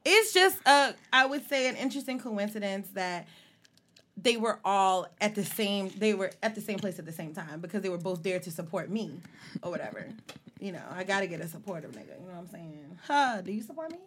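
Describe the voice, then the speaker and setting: Blunt, lively young woman. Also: medium pitch, a little fast, a little hiss or hum. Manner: blunt, animated storytelling with profanity. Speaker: podcast co-host. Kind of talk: casual podcast chat.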